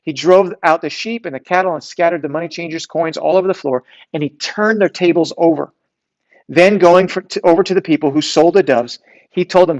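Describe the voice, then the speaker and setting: Youth pastor preaching casually, a bit dull. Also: male voice, on the high side, fairly quick, a little mellow. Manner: conversational preaching with restarts and reading scripture aloud. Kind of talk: sermon.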